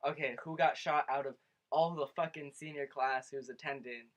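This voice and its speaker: A man's voice: mid-range voice, fairly even intonation, normal speed, a bit bright, muffled recording. A young man co-hosting a casual podcast, rambling a little and swearing casually. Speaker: podcast co-host. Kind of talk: casual chat.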